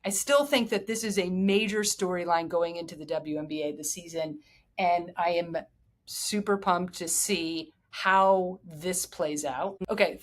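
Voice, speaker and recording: A middle-aged woman hosting a solo sports podcast, talking with excitement and drifting into emotional tangents. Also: fairly low pitch. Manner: enthusiastic, digressive, emotional. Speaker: podcast host.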